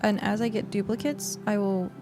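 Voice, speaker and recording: A woman's voice: medium pitch, fairly even intonation, moderate pace, music in the background. A woman game streamer in casual, rambling livestream chat, thanking viewers and talking while she plays. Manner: chatty and rambling, with frequent fillers.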